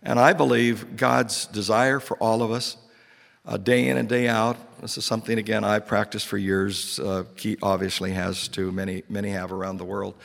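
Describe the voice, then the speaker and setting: A man giving earnest spiritual teaching, telling a story with animated retold dialogue and many restarts. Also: on the low side, moderate pace, gravelly, long reverb tail. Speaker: Christian speaker and teacher.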